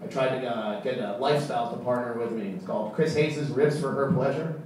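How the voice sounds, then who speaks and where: Man, stand-up comedian, deadpan, halting, very echoey room, far from mic. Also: mid-range voice, a little hiss or hum. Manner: deadpan, halting delivery with many fillers. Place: comedy club stage.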